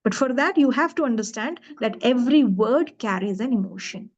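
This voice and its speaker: On a lo-fi video call, a public-speaking coach answers interview questions in a slightly high, lively voice at a brisk pace. She speaks emphatically, acting out emotions through her voice to demonstrate.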